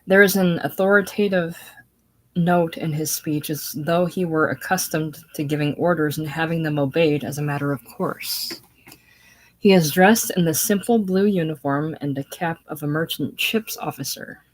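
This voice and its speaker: Low-voiced woman reading a play. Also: moderate pace, rough recording. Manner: steady, with small slips and restarts. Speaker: reader. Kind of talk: reading stage directions aloud.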